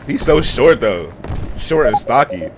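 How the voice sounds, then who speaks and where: A young man hosting a casual reaction video, full of slang and bursting into shouts and laughs at what he watches. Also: medium pitch, unhurried, background noise. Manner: excitable, shouts and laughs at the screen, heavy slang. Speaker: reaction channel host.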